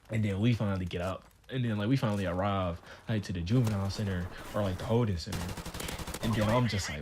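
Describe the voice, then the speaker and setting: A man's voice: on the low side, a little fast, background noise. A young man casually telling a story on his channel, in a laid-back, slangy way. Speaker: channel host. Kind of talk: storytime vlog.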